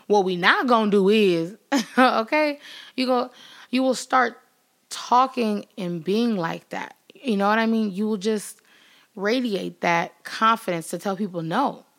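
A woman vlogger giving a motivational talk to her viewers, repeating phrases for emphasis and acting out the voices she quotes. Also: medium pitch. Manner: speaks straight to viewers, acts out quoted voices; laughs now and then. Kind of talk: motivational vlog talk to camera.

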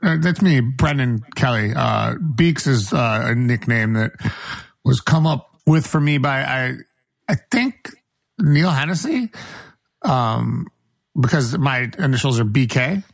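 A man guest on a video call, laid-back and halting, with fillers and easy laughs. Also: mid-range voice, expressive, creaky, dry recording. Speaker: guest musician. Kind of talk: casual interview.

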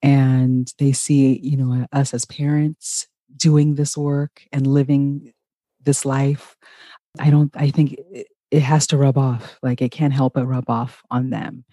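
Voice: mid-range voice, little pitch movement, takes it slowly, warm tone, dry recording. An interviewer responding in an affirming, reflective way. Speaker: host. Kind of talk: warm supportive interview talk.

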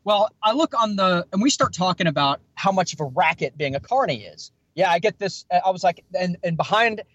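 A man's voice: high-pitched, fairly quick, no echo, muffled recording. A man in his thirties, a former police officer, telling a rambling casual story on a podcast. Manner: rambling, animated anecdote with filler words. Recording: dry close podcast mic.

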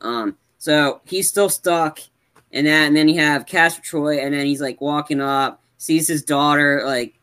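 A man's voice: on the high side, a little slow, fairly bright tone, smooth. A man co-hosting a podcast, casually retelling movie scenes in a rambling way full of fillers. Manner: rambling, many fillers like "like" and "yeah". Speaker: podcast co-host. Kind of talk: casual chat recapping a film.

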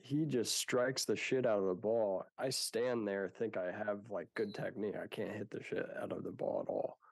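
A man's voice: fairly low pitch, fairly even intonation, moderate pace, darkish tone, husky, dry recording. A man co-hosting a golf podcast, joining in with easygoing, agreeable banter. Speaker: podcast co-host. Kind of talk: casual podcast chat.

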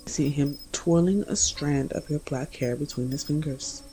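A woman reading a second-person romance story aloud in an intimate, hushed narration. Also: low voice, normal speed, soft background music, low-quality recording. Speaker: reader.

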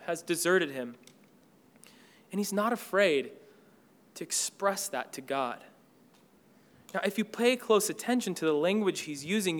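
A man preaching a sermon, earnest, rising loud when he reads scripture and dropping low and soft when he reflects.

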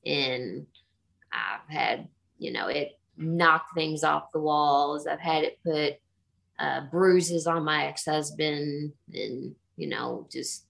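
Gravelly-voiced woman telling a ghost story. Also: low-pitched. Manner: animated, acts out quoted voices. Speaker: guest telling a haunting story. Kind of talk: casual storytelling.

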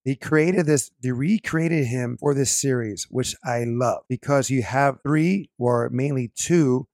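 A man leads a casual review chat with a gravelly, creaky voice. He explains at length and corrects the others with firm certainty. The sound is dry and close. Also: medium pitch, a little slow, darkish tone, no echo.

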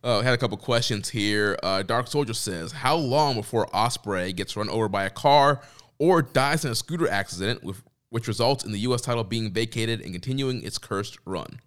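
A man's voice: lowish voice, moderate pace, a bit bright. A man co-hosting a wrestling podcast, recapping a match in a loose, casual way full of "you know" and "uh". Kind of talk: casual match review chat.

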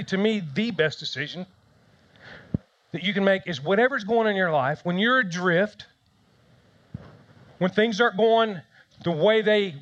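A man's voice: high-pitched, fairly bright tone, dull audio. A man preaching a conversational sermon, telling stories with self-deprecating humor. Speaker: pastor.

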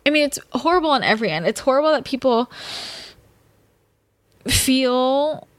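A woman's voice: high-pitched, lively intonation, normal speed, dry recording. A young adult woman hosting a podcast, speaking in an earnest, rambling personal monologue, swearing freely and getting worked up. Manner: gets worked up. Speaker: podcast host.

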